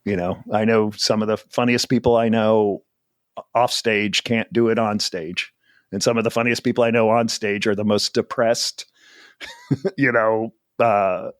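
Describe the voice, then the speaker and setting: Speaking on the low side, this New Jersey comedian in his forties is a guest in a relaxed interview, wandering through self-deprecating stories and laughing often. The studio sound is clean with no echo.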